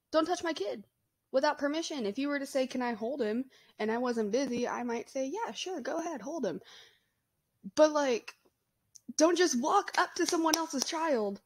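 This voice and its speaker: Woman, 20s, mom vlogger. Chatty, blunt, slightly high voice. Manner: blunt, chatty, laughs often. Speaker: vlogger, mother. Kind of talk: casual to-camera chat.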